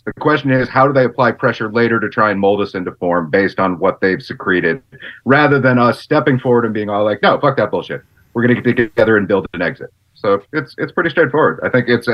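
A man on a video call, rambling and swearing loosely as a podcast guest. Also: medium pitch. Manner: rambling, profane, loose and animated. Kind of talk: casual panel chat. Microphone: computer mic on a video call. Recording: dull lo-fi computer mic.

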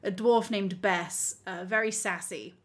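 A woman telling a story in casual chat as a podcast co-host, animated and laughing often. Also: medium pitch, a little slow. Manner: animated, laughing often, acting out quoted lines.

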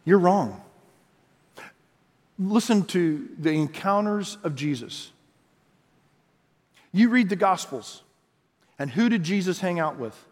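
A man's voice: sits high, lively intonation, takes it slowly, long pauses, in a large hall. A man preaching an earnest sermon, reading scripture aloud and stretching words for emphasis. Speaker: pastor.

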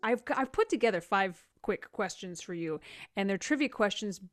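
A woman's voice: medium pitch, animated, moderate pace, loud music behind the voice. Playful woman hosting a podcast quiz. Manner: playful, quizzing the guest. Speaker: podcast host. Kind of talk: casual podcast chat.

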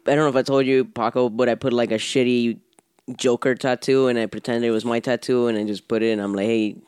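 A young man hosting a podcast, chatting loosely and swearing freely. His voice sits in a middle pitch and sounds dry and close to the mic. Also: fairly even intonation, fast, a little mellow, clear, resonant tone, no room sound. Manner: loose, profane, laid-back storytelling. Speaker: podcast host. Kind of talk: casual podcast banter.

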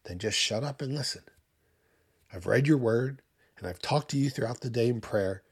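A middle-aged man preaching a sermon with emphasis, his pace swinging from quick to slow. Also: medium pitch, husky. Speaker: pastor.

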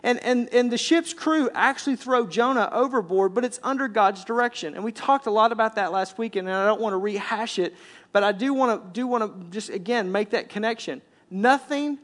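A man preaching a sermon as pastor, animated, often dropping to a hush for emphasis and acting out complaining voices. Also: high-pitched.

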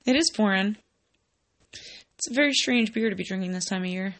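A woman's voice: medium pitch, moderate pace, a bit bright. A tipsy woman co-hosting a podcast, rambling and giggling as she chats, with lots of "like". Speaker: podcast co-host. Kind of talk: casual chat.

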